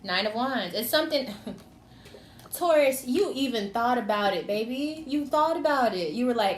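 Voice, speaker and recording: A woman's voice: on the high side, expressive, moderate pace. A woman giving a casual tarot reading, chatty and teasing, talking straight to the signs she reads for. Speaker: tarot reader. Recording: echoey room with faint noise.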